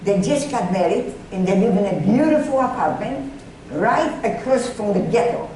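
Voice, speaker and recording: A woman's voice: medium pitch, lively intonation, dark tone. Older woman recalling the war, far off in an echoey room. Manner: halting, repeats words while recalling, emotional. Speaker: Holocaust survivor speaking to students. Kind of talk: personal testimony to a student audience. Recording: echoey room, mic far off, faint noise.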